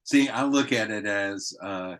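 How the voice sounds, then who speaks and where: A man with a Southern US accent and a lowish voice, hosting a relaxed podcast chat. He tells stories in an easygoing, chatty way and laughs easily. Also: a little slow. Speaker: podcast host. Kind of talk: casual conversation.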